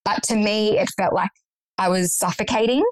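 Earnest young woman guest, reflective storyteller, mid-pitched, dry close sound. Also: normal speed, no room sound, poor audio. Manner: earnest, reflective, matter-of-fact. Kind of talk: personal story in conversation.

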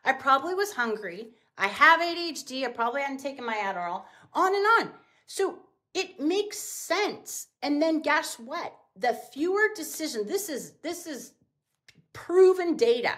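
A middle-aged woman, a business owner guest on a podcast, telling casual stories and acting out quotes with big jumps in pitch. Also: sing-song, normal speed, bright, forceful tone. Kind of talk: casual storytelling in an interview.

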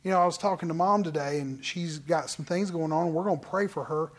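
A pastor delivers a midweek sermon conversationally, swinging between loud exclamations and soft, hushed asides. He has a medium-pitched voice and talks fast.

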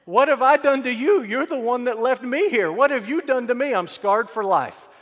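A man voicing a disrespectful young boy who loudly and indignantly complains, his voice pitched up and strained. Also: lively intonation, normal speed, in a large hall. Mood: whiny indignant. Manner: loud, high-pitched, complaining.

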